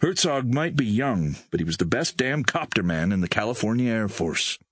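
A man reading an audiobook in a recording studio with measured storytelling on a close mic. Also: lowish voice, very animated, a bit bright, slightly rough, dry recording. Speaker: audiobook narrator. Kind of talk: scripted audiobook narration.

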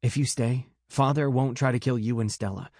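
A man's voice: mid-range voice, steady tone, normal speed, a little mellow, no echo, studio quality, close to an everyday voice. A man voicing an intense, protective young man in an audiobook. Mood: pleading.

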